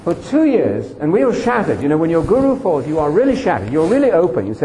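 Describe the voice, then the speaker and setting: Animated older man giving a testimony. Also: on the high side, quick pace, few pauses. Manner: animated, emphatic, addresses listeners directly. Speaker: speaker addressing a congregation. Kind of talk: personal testimony talk. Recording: roomy echo, faint background noise.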